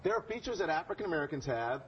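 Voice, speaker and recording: A man's voice: on the high side, very animated, rapid-fire, slight background noise. A man anchor telling anecdotes in a chatty on-air conversation. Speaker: news anchor. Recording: dull lo-fi broadcast clip.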